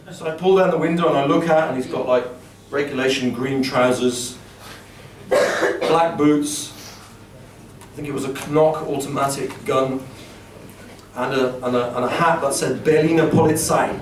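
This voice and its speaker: A man telling a rambling story casually, animated and laughing through his lines, swearing freely. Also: mid-range voice, normal speed, pauses often, echoey room, recorded from a distance, a little hiss or hum. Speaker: storyteller and singer. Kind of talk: casual spoken storytelling with guitar.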